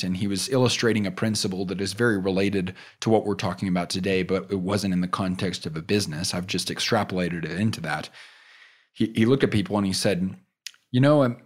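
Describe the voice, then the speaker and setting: A man hosting a business leadership podcast, giving an earnest motivational talk that swings from emphatic peaks to soft storytelling. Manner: drops soft and low when telling a story.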